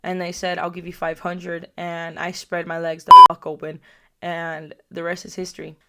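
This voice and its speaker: Young female vlogger, profane comic storyteller, brash delivery with loud spikes. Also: lowish voice, monotone, normal speed, creaky, heavy background noise. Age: young adult. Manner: brash, profane, loud bursts and put-on mocking quotes. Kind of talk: crude comedic storytelling.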